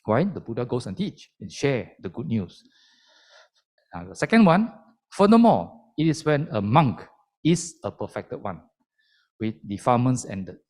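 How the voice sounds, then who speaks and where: A man's voice: medium pitch, sing-song, unhurried, a little mellow. A man giving a Buddhist sermon as a lay speaker, emphatic and explaining step by step.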